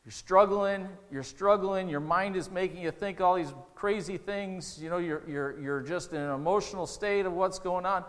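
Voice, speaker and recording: A man's voice: sits high, normal speed, hardly any pauses. Earnest preaching man in a hall. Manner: earnest, conversational preaching with restarts and rising emotional peaks. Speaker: pastor. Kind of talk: sermon.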